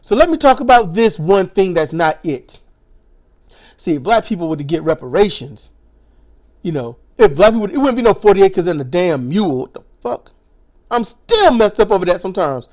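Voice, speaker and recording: A man in his forties ranting a profane, sarcastic political monologue, his voice strained and hoarse, mocking others in put-on voices. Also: sits high, very animated, normal speed. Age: 40s. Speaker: political commentary vlogger.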